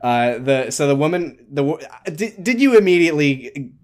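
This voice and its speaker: A man's voice: fairly high pitch, big pitch swings, normal speed. A man co-hosting a podcast who recaps a TV show in casual chat, rambling, joking and swearing as he goes. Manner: rambling, profane, jokey, restarts often. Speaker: podcast co-host.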